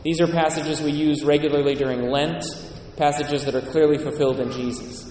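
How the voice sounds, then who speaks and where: A man's voice: a little high, little pitch movement, brisk, darkish tone, a little hiss or hum. A male priest giving an earnest, conversational sermon in a large church. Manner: earnest, conversational preaching with quoted voices. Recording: echoey church, distant mic.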